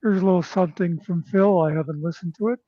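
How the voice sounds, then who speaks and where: High-voiced man in dry, dismissive chat. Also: fairly even intonation, fast. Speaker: co-host. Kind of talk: casual chat. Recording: dull dry mic.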